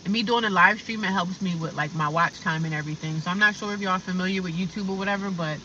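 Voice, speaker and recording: Bright-voiced woman livestreaming from her car. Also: lowish voice, fast, recorded from a distance, dull audio, slight background noise. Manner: chatty, rambling, talks to viewers. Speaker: livestreaming vlogger. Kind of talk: casual livestream chat. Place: inside a parked or slowly driving car.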